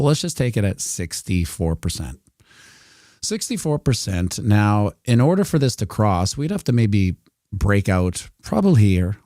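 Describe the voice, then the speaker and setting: A man's voice: low-pitched, warm tone, dry recording, clean studio sound. A man giving casual, rambling commentary over a price chart, joking and talking to himself as he works the screen. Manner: rambling, talks to himself while working a chart; joking asides and mild swearing. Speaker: video host.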